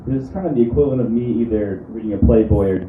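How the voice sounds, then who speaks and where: A young man from the New doing a stand-up set in a comedy club, deadpan and halting, with many ums and restarts. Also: on the low side, narrow, tinny audio. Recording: roomy club audio from a distant mic with room noise.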